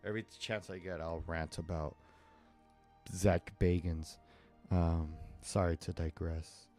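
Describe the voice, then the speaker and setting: A man's voice: low voice, little pitch movement, slow, warm tone, faint music behind. A man live-streaming as he draws, chatting casually in a rambling, digressive way and laughing often. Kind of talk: casual chat while drawing.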